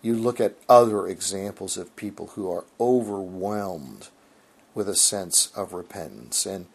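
A man's voice: sits low, a little slow, vocal fry, husky. A man, a Christian author, explaining theology in an earnest, emphatic conversational way, with frequent restarts.

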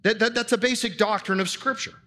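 A man's voice: sits high, steady tone, fairly quick, bright, forceful tone, big-room sound. A man preaching a sermon in a church, teaching earnestly and posing rhetorical questions to his congregation. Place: church with handouts for listeners.

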